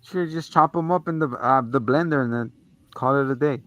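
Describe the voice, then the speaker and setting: Male host of a casual review show, slangy and animated, mid pitch, dry close recording. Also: fairly quick, dry recording, lo-fi sound. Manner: slangy, animated plot retelling. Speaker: podcast host. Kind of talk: casual movie review chat.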